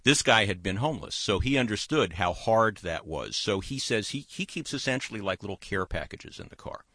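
A man's voice: fairly low pitch, expressive, fairly quick, pushed and bright, no echo. A man hosting a call-in talk radio show, chatting in a loose, digressive way into a studio microphone.

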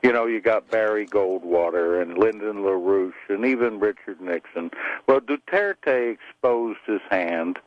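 Halting male radio caller, muffled line. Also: lowish voice, no room sound. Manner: halting, repeats words, chuckles at his own jokes. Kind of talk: casual call-in chat and joke telling.

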